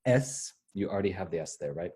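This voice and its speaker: A man teaching a French vocabulary lesson, slowly repeating each word for learners and mixing in English explanations. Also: low voice, animated, dark tone. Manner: slow, patient repetition of words for learners to echo. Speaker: language teacher.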